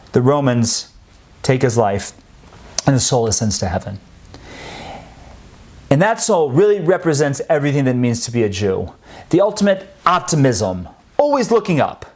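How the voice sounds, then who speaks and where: A man's voice: mid-range voice, big pitch swings, moderate pace, pauses often, darkish tone. A man giving a storytelling lecture on Jewish history, acting out the quotes in his stories.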